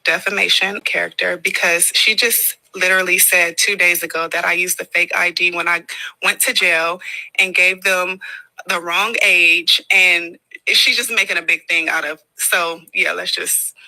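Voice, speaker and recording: Lady in an interview clip, kinda hesitant, low-ish voice but real bright and sharp. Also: steady tone, normal speed, creaky, low-quality recording. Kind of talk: casual interview talk.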